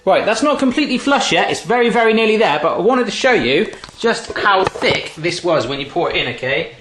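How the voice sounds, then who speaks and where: A man's voice: sits high, big pitch swings, fairly quick, a bit bright, reverberant, a little hiss or hum. A man chatting playfully while cooking in his home kitchen, full of cheeky asides. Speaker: cooking vlogger. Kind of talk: jokey cooking video chat.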